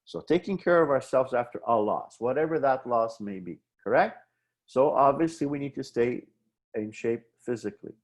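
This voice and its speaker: A middle-aged man coaching listeners through a talk on grief and support. His voice sits at an ordinary middle pitch, and he keeps checking in with quick questions. He acts out little sample conversations as he goes. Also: expressive. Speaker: wellness speaker. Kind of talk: instructional talk.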